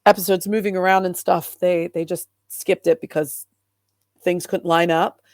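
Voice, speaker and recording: A woman co-hosting a podcast in casual chat, animated and laughing often, acting out characters' lines as she recaps. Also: on the low side, moderate pace, dry recording, studio quality. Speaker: podcast co-host.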